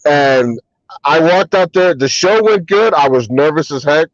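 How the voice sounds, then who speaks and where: A man's voice: fairly high pitch, unhurried, dry recording. Man telling stories in a dull, dry recording. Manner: relaxed anecdotes with many ums and restarts. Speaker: guest, hip hop and R&B artist and DJ. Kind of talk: casual storytelling interview.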